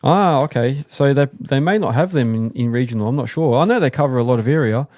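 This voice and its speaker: Speaking fast in a medium pitch on a dry recording, an Australian man who owns an excavation business hosts a live stream. He relaxes into rambling stories about how he got the business started, full of fillers, and acts out what other people said.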